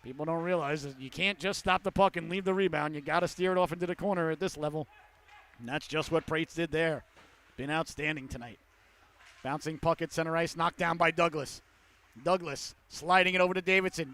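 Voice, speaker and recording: High-voiced hockey play-by-play man. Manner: rapid play-by-play that rises to excited shouts on goals. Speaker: play-by-play commentator. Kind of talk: youth hockey play-by-play commentary.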